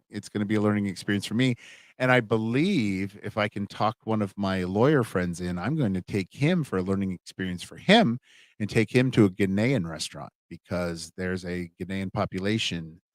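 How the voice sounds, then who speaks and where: A man's voice: fairly low pitch, no echo. A middle-aged man, a college humanities instructor, wrapping up a livestream class in a chatty, rambling way with lots of fillers and restarts. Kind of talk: casual livestream class wrap-up.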